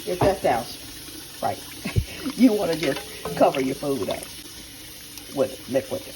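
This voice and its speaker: Woman, low voice, chatty home cook, walks viewers through each step, kitchen clatter. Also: animated, takes it slowly, background noise. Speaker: home cooking vlogger. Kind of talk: casual cooking chat. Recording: kitchen clatter of pots and dishes behind.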